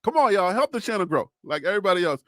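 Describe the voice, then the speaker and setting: High-voiced Liberian man hosting a live sports stream. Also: rapid-fire, no room sound, studio quality. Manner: animated, chatty, reacting to viewer comments; frequent laughs and self-talk. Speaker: sports channel host.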